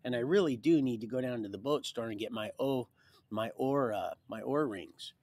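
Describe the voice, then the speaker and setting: A man rambling through a personal life story on a livestream, jumping between loud bursts and quiet mutters. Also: mid-range voice, fairly quick. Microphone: streaming mic.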